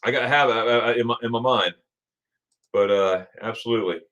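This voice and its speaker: A man's voice: medium pitch, brisk, fairly bright tone. A middle-aged man from Florida hosting a casual livestream, chatting with viewers and reading their comments aloud, laughing often. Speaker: livestream host.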